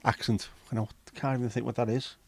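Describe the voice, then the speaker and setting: A man's voice: medium pitch, level tone, quick pace, creaky, a little mellow. A man hosting a casual livestream, chatting, swearing freely and reading viewer comments aloud. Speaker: livestream host.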